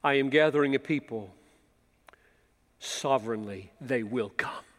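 A man preaching an expository sermon, emphatic, with rhetorical questions, often dropping to a hush. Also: medium pitch, a little slow. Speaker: pastor. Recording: long reverb of a large hall.

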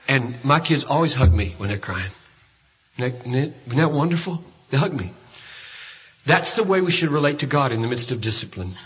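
An older man preaching a sermon at a rally, telling stories with loud emphasis and hushed asides. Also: medium pitch, slightly rough. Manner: animated storytelling, swings between loud emphasis and hushed asides. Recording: dull reverberant hall recording.

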